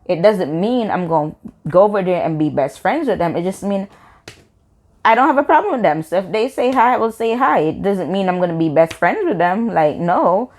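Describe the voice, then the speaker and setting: A young woman telling a storytime vlog, animated and emphatic, slipping into patois. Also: fairly low pitch, normal speed. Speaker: vlogger.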